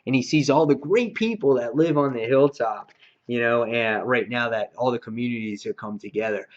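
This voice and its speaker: Rambling, excited male comic reviewer. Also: mid-range voice, moderate pace. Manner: rambling and excited, heavy on fillers and acted quotes. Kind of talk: casual review vlog. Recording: dull lo-fi recording.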